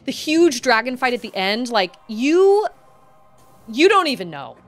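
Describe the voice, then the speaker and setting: A woman's voice: fairly high pitch, big pitch swings, measured pace, soft background music. A young woman streaming a video game, chatting casually and breaking into frustrated outbursts and groans at the game. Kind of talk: casual live-stream chat while gaming.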